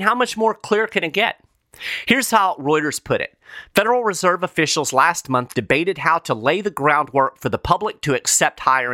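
A man's voice: a little high, pushed and bright, no room sound. Emphatic, sarcastic male show host. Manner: opinionated, skeptical. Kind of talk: solo commentary monologue.

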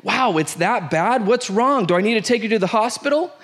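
A man's voice: sits high, expressive, a little fast, a bit bright, heavily acted. A man doing a flustered panicking boyfriend. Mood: worried.

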